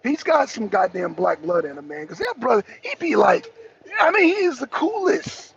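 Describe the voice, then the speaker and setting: A man hosts a live talk show from his car in traffic, ranting profanely in casual, repetitive commentary. His very high, sing-song voice is creaky and moves at a moderate pace, captured in slightly dull lo-fi audio.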